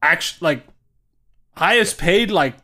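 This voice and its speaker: A young man co-hosting a podcast in loose, casual chat. He swears freely and laughs easily. His voice sits a little high and moves up and down a lot as he talks. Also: animated, takes it slowly, sharp tone. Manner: laid-back, swears freely, laughs often. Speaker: podcast co-host.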